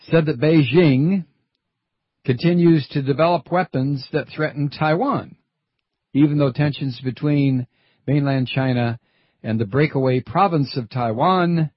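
A man's voice: mid-range voice, slightly rough, no echo, highs cut off. A middle-aged man hosting a radio talk show, rambling and wry, digressing between topics. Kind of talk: casual talk radio chat. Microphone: studio microphone.

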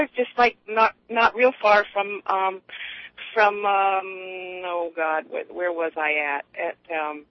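A woman's voice: mid-range voice, fairly even intonation, moderate pace, no room sound. A woman calling in to a radio show, telling long rambling stories with many restarts. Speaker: caller. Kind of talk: casual radio call-in chat. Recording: dull lo-fi line, dry.

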